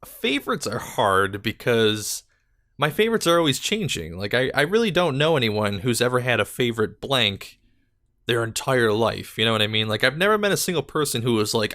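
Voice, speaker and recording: A young man rambling through a casual solo podcast with a bright, forward voice. He talks loosely with plenty of "like"s, a bit out of breath. His voice is close and dry, with no room sound. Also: medium pitch, big pitch swings, moderate pace, no echo. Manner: rambling, filler-heavy, self-deprecating. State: slightly out of breath. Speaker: podcast host and gaming YouTuber.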